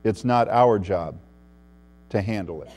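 A man preaching an expository sermon, reading scripture and explaining it, who often drops to a hushed voice for emphasis. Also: on the low side, a little slow. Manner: preaching with wide swings in loudness, dropping to a hushed voice for emphasis. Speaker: pastor.

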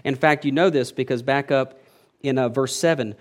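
A man's voice: medium pitch, steady tone, moderate pace. A man preaching an expository sermon, reading verses aloud and explaining them with emphatic swells and frequent restarts. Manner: emphatic, rising and falling in loudness, self-correcting restarts. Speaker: pastor.

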